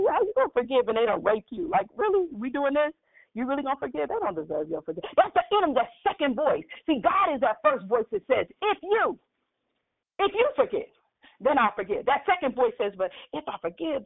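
A woman's voice: high voice, no echo. Impassioned woman preacher on a phone line. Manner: impassioned preaching with repetition and prayer. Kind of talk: sermon.

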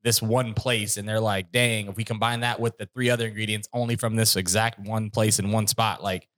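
A man's voice: lowish voice, flat delivery, fairly quick, a bit bright, no echo. Jokey rambling man, dry close sound. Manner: rambling, jokey, laughs often. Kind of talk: casual chat.

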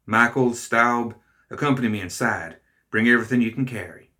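A man's voice: mid-range voice, normal speed, bright, forceful tone, pitched above the performer's own voice, close to an everyday voice. A man voicing a skinny, privileged male explorer who gives eager commands to his hired hands.

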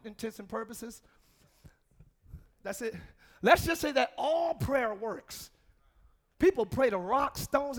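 A man preaching a sermon as pastor, calling out to the congregation and dropping into quiet joking asides. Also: very high-pitched. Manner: preaching with shouts and call-and-response; drops to quiet asides and laughs. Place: church.

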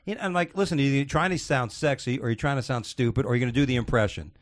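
Fast-talking man telling a rambling story. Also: mid-range voice, lively intonation. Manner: rambling storyteller, profane, acts out quotes. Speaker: podcast co-host. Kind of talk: casual comedy podcast chat.

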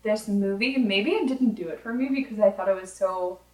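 A woman's voice: mid-range voice, fairly quick, darkish tone, roomy sound, distant mic, low-quality recording. A woman co-hosting a casual film review chat, giggly and rambling. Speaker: podcast co-host.

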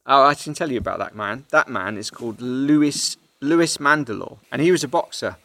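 A man's voice: medium pitch, animated, normal speed, fairly bright tone, dry recording. A man co-hosting a podcast, chatting casually and teasing his co-host. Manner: teasing, playful banter. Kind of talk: casual chat.

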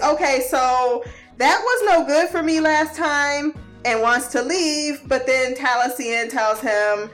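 A woman's voice: high voice, takes it slowly, fairly bright tone, faint music behind. A woman giving a casual TV episode recap, profane, laughing and exasperated.

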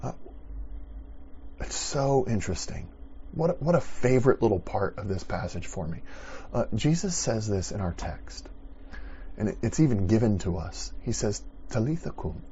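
A middle-aged man preaching a sermon, conversational and playful, rising to loud dramatic bursts. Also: fairly low pitch, big pitch swings, moderate pace, long pauses, muffled recording, slight background noise. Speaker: pastor.

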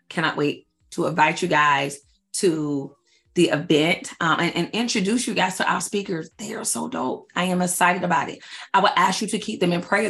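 A woman in her forties, a faith-based life coach, chatting casually and excitedly to her followers, repeating herself for emphasis and calling them y'all. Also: lowish voice, normal speed, faint music behind. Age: 40s. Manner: slangy, addresses audience as y'all. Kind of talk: casual announcement chat to followers.

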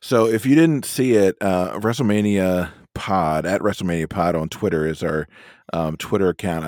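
A man's voice: sits low, darkish tone, dry recording, studio quality. A man co-hosting a podcast in a casual chat, joking and easygoing, laughing often. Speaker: podcast co-host.

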